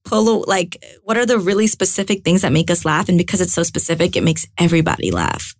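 Chatty young woman with a gravelly edge. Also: on the low side, fast talker, no echo. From United States. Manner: chatty and animated, lots of filler words and restarts. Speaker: guest, actress and comedian. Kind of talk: casual interview chat.

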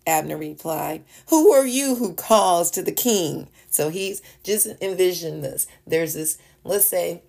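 A woman's voice: on the low side, gravelly, darkish tone. A woman hosting a devotional podcast, reading a Bible passage and explaining it in a chatty way with small laughs. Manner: reads scripture aloud, then explains it in a chatty way with small laughs. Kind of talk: casual Bible teaching. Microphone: podcast voice message recording.

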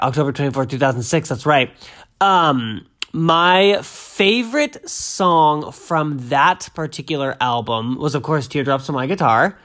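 A man in his thirties chatting casually about music, rambling and excitable, often losing his train of thought. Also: on the high side. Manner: rambling, excitable, self-interrupting. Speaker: host.

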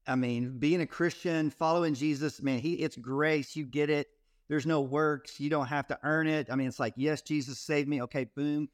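A man who ministers to teenagers, a podcast guest telling stories with animated energy and frequent restarts. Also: a little high, no room sound, studio quality. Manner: animated storyteller, frequent repeated starts. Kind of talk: casual interview, storytelling.

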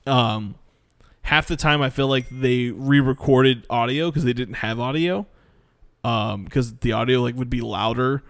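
A man's voice: mid-range voice, measured pace, a bit bright, no echo. A man chatting casually about a bad movie, rambling, swearing and trailing off mid-thought. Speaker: podcast co-host reviewing bad movies. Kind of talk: casual profane chat.

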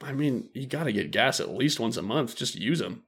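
A young man chatting on a podcast with his co-host, his pitch rising and falling freely as he spins a story. He slips into the voices of the people in it and keeps breaking into laughter. The tone is loose, easy casual chat. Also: animated, moderate pace, a bit bright, breathy edge. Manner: storytelling, acts out quotes, laughs often.

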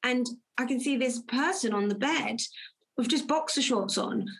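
A woman's voice: on the high side, normal speed, creaky. A woman guest in a conversation, earnestly telling a personal story and acting out the dialogue she quotes. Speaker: guest, confidence coach.

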